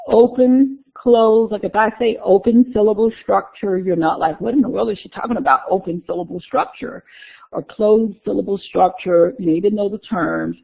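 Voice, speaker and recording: A woman's voice: mid-range voice, vocal fry. A woman instructor giving a conversational recorded lecture, repeating key terms and talking through her slides. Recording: tinny phone-like lecture recording.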